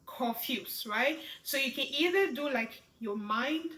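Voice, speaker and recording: A woman teaching sign language, walking through each sign slowly and repeating words, checking in with "right?". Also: high voice, animated, sharp tone. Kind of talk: slow step-by-step lesson. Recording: echoey room.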